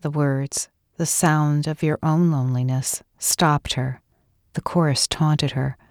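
A woman reads a novel aloud in a low, grounded voice, measured and expressive. The sound is close and dry with no room around it. She paces the story calmly. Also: no echo. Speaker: audiobook narrator. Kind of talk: scripted narration.

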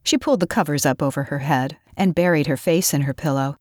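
A woman giving measured, expressive audiobook narration. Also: deep voice, dry recording, clean studio sound.

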